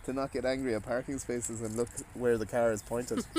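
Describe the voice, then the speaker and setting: Irish man telling a lively story. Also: medium pitch, brisk, slight background noise. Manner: animated storyteller who laughs and quotes others. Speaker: co-host, husband. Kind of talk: casual chat, storytelling. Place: garden outdoors. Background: faint outdoor ambience.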